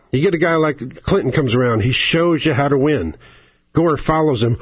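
A man's voice: on the high side, unhurried, long pauses, breathy edge, dry recording. A man hosting a talk radio show, ranting in an angry, sarcastic, exasperated way. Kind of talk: political radio rant. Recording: lo-fi, dry radio sound.

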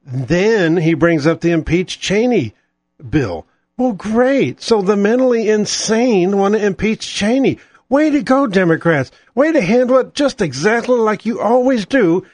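A man's voice: a little high, no echo, studio quality. A man hosting a political talk show, ranting with profane, sarcastic exasperation.

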